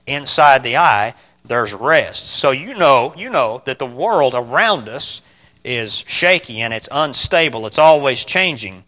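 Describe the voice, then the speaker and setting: Bright-voiced preacher man. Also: medium pitch, unhurried. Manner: swings from loud emphatic bursts to quiet calm lines; asks the listeners rhetorical questions. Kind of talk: sermon.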